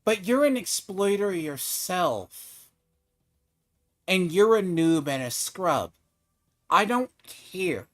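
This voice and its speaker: A man streaming a game, trash-talking and mocking another player in casual, swearing chat. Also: high voice. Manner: taunting, mocking, swears freely.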